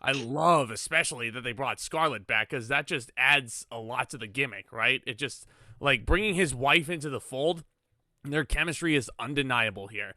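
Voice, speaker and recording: A man's voice: medium pitch, moderate pace, pushed and bright, dry recording, clean studio sound. A man hosting a casual wrestling review podcast, talking enthusiastically with frequent ums and fillers. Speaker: podcast host.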